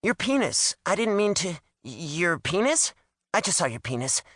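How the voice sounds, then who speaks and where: A man's voice: high voice, very animated, normal speed, fairly bright tone, no room sound, clean studio sound, pitched above the performer's own voice, heavily acted. A male narrator voicing a flustered young woman, a college freshman, who stammers in panic. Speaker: audiobook narrator. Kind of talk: audiobook character voice.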